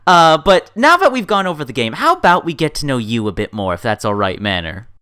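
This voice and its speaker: A man's voice: fairly high pitch, big pitch swings, brisk, sharp tone, clear, resonant tone. A man hosting an interview, playful, joking and enthusiastic. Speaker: interview host. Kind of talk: casual interview chat.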